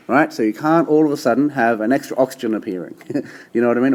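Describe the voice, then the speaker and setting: A male teacher explaining a topic in a relaxed, chatty way, often checking in with the listener and restarting his sentences. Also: mid-range voice. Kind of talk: casual classroom explanation.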